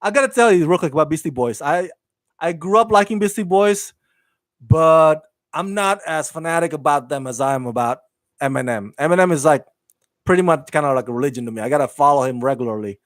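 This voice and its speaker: A man with a somewhat high voice hosts an entertainment news live stream. He chats loosely and eagerly, often restarting his sentences. The sound is close and dry, with no room around it. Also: expressive, brisk, dry recording. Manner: enthusiastic, rambling, with frequent fillers and restarts. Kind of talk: casual live-stream chat reading viewer comments.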